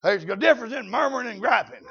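An older man preaches in a high, gravelly, raspy voice. He delivers a folksy sermon, often shouting his points. The recording is muffled and lo-fi. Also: lively intonation, fast talker.

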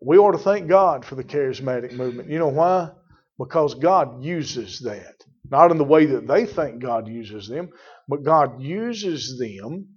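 A man's voice: mid-range voice, darkish tone, breathy edge. A man preaching a sermon, emphatic and repetitive, calling on congregation members by name. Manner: emphatic, repeats phrases, addresses congregation by name. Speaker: pastor. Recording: muffled lo-fi church recording.

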